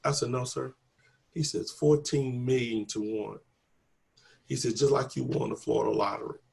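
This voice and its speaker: At a moderate pace, this interviewee speaks in a mid-range voice that's a little mellow with vocal fry. He tells his personal story conversationally, acting out each line of dialogue with "I said" and "he said," earnest and faith-filled.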